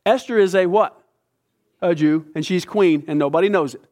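A man leading a midweek Bible study, retelling the story in an animated way with casual slang. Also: high-pitched, normal speed. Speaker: Bible teacher.

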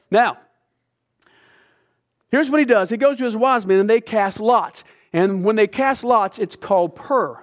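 A man leading a midweek Bible study, retelling the story in an animated way with casual slang. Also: high voice. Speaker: Bible teacher.

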